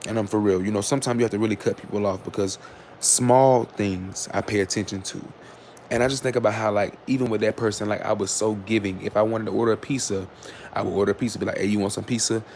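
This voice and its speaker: A man's voice: fairly low pitch, steady tone, quick pace, a little hiss or hum. A man hosting his own livestream, talking casually and candidly to his chat, rambling with fillers and restarts, sarcastic, sometimes scolding commenters. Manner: switches to loud scolding of commenters. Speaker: livestream host.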